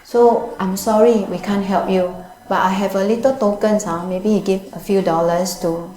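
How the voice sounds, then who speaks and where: A woman's voice: mid-range voice, steady tone, moderate pace, mellow, reverberant, natural voice, rough recording. A woman voicing a polite household servant who turns a visitor away apologetically, in a story within her talk. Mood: apologetic.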